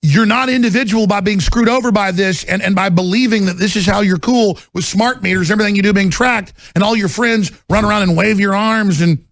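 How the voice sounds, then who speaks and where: A middle-aged man delivering an impassioned rant, swinging from low, intense muttering to loud shouting, with a gravelly, husky voice. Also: brisk, hardly any pauses, dry recording. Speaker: talk show host.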